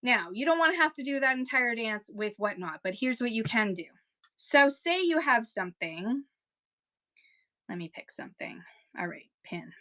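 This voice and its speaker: A woman's voice: a little high, animated, unhurried, pushed and bright. A woman hosting a live seller chat, talking casually and rambling, slipping into auctioneer patter, with a Kentucky accent. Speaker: host giving seller tips.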